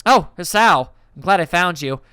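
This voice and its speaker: A man's voice: high-pitched, expressive, normal speed, sharp tone, smooth, dry recording, clean studio sound. Man voicing a polite young woman classmate. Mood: relieved.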